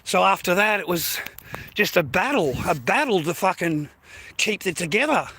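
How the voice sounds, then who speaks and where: High, bright-voiced Australian man ranting. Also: expressive, moderate pace, breathy edge, rough recording. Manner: profane, repetitive, addresses viewers as mates and boys. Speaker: vlogger. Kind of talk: ranting casual monologue.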